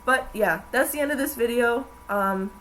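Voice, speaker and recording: A woman's voice: on the high side, moderate pace, fairly bright tone, a little hiss or hum, poor audio. A young woman in college, chatting casually to camera in a rambling way with many fillers. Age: young adult. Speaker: vlogger. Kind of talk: casual chat.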